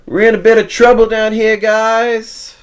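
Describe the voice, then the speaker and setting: A man voicing a male war priest who shouts a rallying call to his allies. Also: sits high, level tone, a little slow, smooth, pitched above the performer's own voice. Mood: alarmed.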